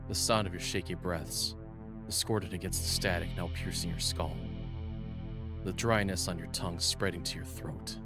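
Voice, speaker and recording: Deep-voiced man streaming a game. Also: steady tone, moderate pace. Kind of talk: live-stream game playthrough, reading story text aloud. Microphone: condenser mic on a boom arm. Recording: game music playing underneath. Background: game music.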